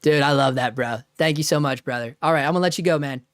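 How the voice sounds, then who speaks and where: A man's voice: fairly high pitch, quick pace, fairly bright tone, slight background noise. A man hosting a casual live stream at home, rambling, joking and often laughing at himself while reading chat. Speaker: livestream host.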